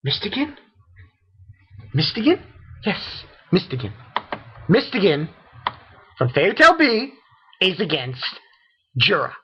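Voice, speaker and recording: A man giving a casual, rambling spoken manga review, excitable and full of fillers. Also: sits high, takes it slowly, pauses often, slightly rough. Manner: rambling, excitable, lots of fillers and quoted character lines. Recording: dull lo-fi recording.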